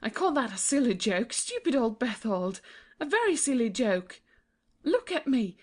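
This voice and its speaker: A woman's voice: a little high, very animated, moderate pace. A woman voicing a young, trusting princess, earnest and pleading in a childlike way. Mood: frightened.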